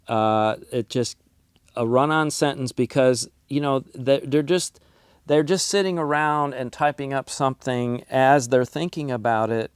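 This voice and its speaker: Middle-aged male Bible teacher, smooth resonant voice, chatty delivery that animates its quotes. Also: mid-range voice, no echo, studio quality. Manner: conversational, repeats words, acts out quoted lines. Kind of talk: classroom Bible lesson.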